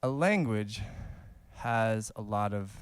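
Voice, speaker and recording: A man giving a casual saxophone lesson, talking in a relaxed, conversational way with many fillers and small laughs. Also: fairly low pitch, slow, smooth, no echo. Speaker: saxophone teacher.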